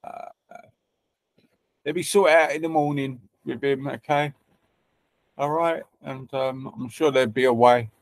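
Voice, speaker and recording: A man's voice: medium pitch, fairly even intonation, measured pace, long pauses, no echo. A man hosting a livestream, chatting casually and teasing viewers with banter and swearing. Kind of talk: casual chat.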